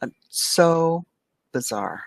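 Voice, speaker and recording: A woman's voice: deep voice, expressive, extremely slow, gravelly, no room sound, poor audio. Enthusiastic older woman co-host. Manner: enthusiastic, exclaiming. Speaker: radio show co-host. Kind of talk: casual paranormal investigation chat.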